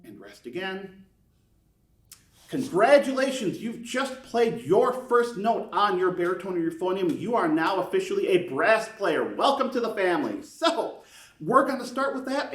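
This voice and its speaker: A man's voice: high voice, sing-song, moderate pace. A man teaching beginners a brass lesson step by step, counting beats aloud and encouraging them. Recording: echoey room, mic at a distance.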